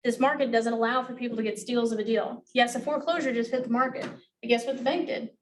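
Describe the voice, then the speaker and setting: A woman's voice: fairly high pitch, fairly even intonation, quick pace. A woman coaching real estate agents in a classroom. She is blunt, swears freely and acts out dialogue as she teaches. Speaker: real estate negotiation trainer. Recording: voice from a distance.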